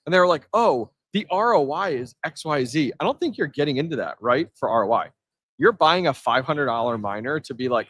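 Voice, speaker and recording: A man's voice: a little high, dry recording. A man hosting a live stream from an event floor, chatting casually and answering his chat with energy. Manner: energetic, reads chat aloud, quick asides.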